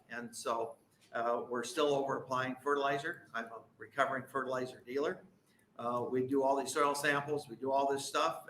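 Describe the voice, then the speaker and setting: A man gives committee testimony in a candid, folksy way, pausing often on fillers. His voice is bright and forceful, and it rings in an echoey hearing room. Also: medium pitch, a little hiss or hum. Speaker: farm group president testifying.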